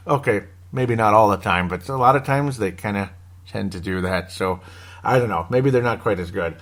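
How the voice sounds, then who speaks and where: A man's voice: lowish voice, normal speed, fairly bright tone. A man hosting a casual sports podcast, rambling and joking, with wry asides and chuckles. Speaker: podcast host.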